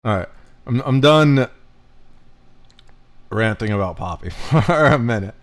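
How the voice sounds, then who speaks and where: A man from the United States talks on a casual reaction stream at a middle pitch. He rambles animatedly, jumping between stories and reactions. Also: animated, unhurried.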